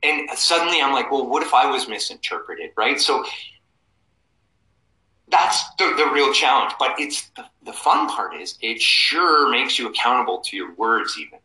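A man's voice: mid-range voice, animated, moderate pace, bright, forceful tone, roomy sound, low-quality recording. A man in his forties, a guest in an interview, telling casual stories and animatedly acting out the people in them. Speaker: guest, cofounder of a map company.

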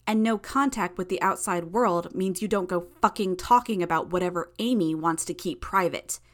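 A furious young superheroine, arrogant and contemptuous, as a woman narrator puts her on. Her voice jumps high and loud as she threatens and shouts down her foes in this audiobook reading. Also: moderate pace, close to an everyday voice. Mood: threatening.

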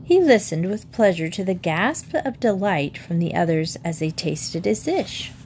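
A woman narrating a children's storybook aloud in a measured, clear way. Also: fairly low pitch, animated, darkish tone, a little hiss or hum.

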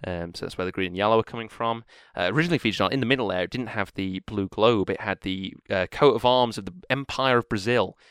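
A man with a lowish, fairly bright, clean voice talks quickly with few pauses, recorded in a clean studio with no room sound. He's a podcast co-host in casual chat, rambling with fillers and restarts.

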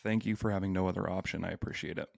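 A man with a very deep, gravelly voice talks as a podcast guest. He is brash and joking and swears freely. His voice is recorded dry and close. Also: steady tone, racing, a little mellow, no echo. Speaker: podcast guest, healthcare worker. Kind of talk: casual podcast chat.

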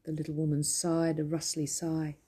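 A woman reads a children's story aloud, gentle and expressive. Her voice is somewhat low and husky, and her tone is mellow rather than bright. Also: moderate pace. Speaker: narrator.

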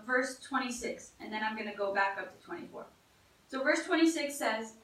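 A woman delivers an earnest, conversational sermon, often restarting her phrases as she goes. Her voice is high and bright. It sounds echoey, as if recorded from a distance in a reverberant room. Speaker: preacher. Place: church.

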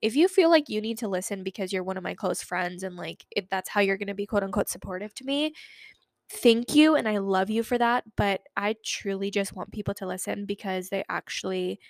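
A woman's voice: medium pitch, a little fast, dry recording, clean studio sound. A young woman in her twenties hosting a solo podcast, talking in a chatty, rambling way with lots of fillers. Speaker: podcast host.

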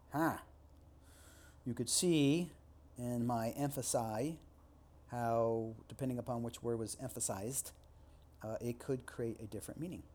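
A man's voice: medium pitch, measured pace, long pauses, warm tone. A man teaching a recorded lecture, reading textbook passages and adding loose spoken asides with fillers. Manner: reads aloud, then adds loose asides with fillers. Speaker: instructor.

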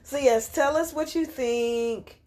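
A woman's voice: high voice, takes it slowly, a little mellow, slight background noise. A woman co-hosting a casual podcast, talking in a chatty, rambling way with plenty of fillers. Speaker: podcast co-host.

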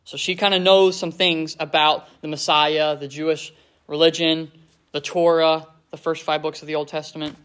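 A man teaching a Bible passage informally, reading verses and paraphrasing them in a relaxed, conversational way. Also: on the high side, normal speed, clean tone. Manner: conversational, paraphrases scripture in casual speech.

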